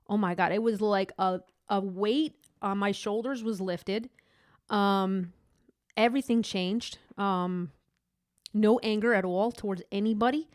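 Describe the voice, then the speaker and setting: A woman's voice: medium pitch, dry recording, clean studio sound. A woman hosting a podcast, telling a candid personal faith story in a rambling way with many restarts. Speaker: podcast host.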